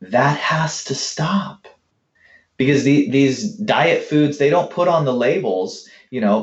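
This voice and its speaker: A man working as a fitness coach, telling client stories in a lively, casual way and acting out both sides of the talk. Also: medium pitch, a little slow. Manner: animated, acts out client conversations. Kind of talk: casual storytelling interview answer. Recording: roomy, dull lo-fi sound.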